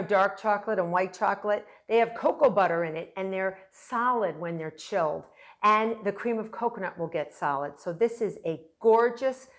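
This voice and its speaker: Woman, middle-aged, cooking instructor; playful, encouraging demo patter. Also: mid-range voice. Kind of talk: cooking demonstration.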